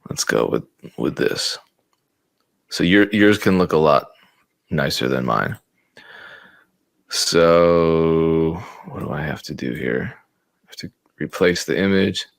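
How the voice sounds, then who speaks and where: A man's voice: rumbling low, animated, slow pace, vocal fry, pauses often, no echo. A man running a casual live-streamed lesson on marketing, thinking aloud as he works, often repeating words and slipping in sarcastic jokes. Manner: joking and sarcastic at times. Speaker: music producer teaching a beat-selling class.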